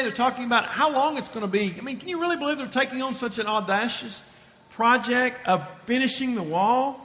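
A man preaching a sermon to his congregation, with slow, emphatic, drawn-out phrasing. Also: very high voice, sharp tone. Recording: long hall reverb.

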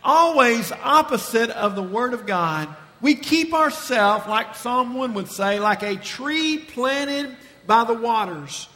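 A man preaching a sermon to his congregation, with slow, emphatic, drawn-out phrasing. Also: very high voice, bright, forceful tone. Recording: long hall reverb.

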